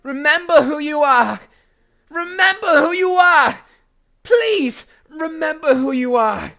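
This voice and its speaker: A man's voice: high-pitched, big pitch swings, fairly quick, soft background music, pitched above the performer's own voice, heavily acted. A man voicing a tiny, dramatic male goblin lore keeper with a put-on English accent. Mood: pleading shout. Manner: theatrical, swings from hushed to yelling.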